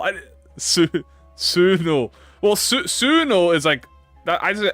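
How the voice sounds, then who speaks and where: Australian male streamer, fairly high, lively voice, loose and rambling with casual swearing; chats to viewers. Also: takes it slowly, no echo, soft background music. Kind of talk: casual livestream chat.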